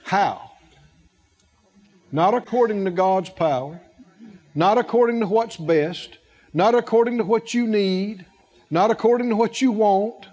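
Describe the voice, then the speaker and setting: A man's voice: sits high, a little slow, pauses often, darkish tone, lo-fi sound. A man preaching a sermon, asking the congregation questions and repeating words for emphasis.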